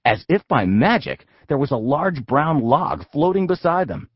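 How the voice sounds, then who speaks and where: A man reads a comic children's audiobook with a slightly husky voice. His pitch is animated and playful as he tells the story. The recording is dry and a bit dull. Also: unhurried, no room sound. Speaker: audiobook narrator. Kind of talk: comic kids' audiobook narration.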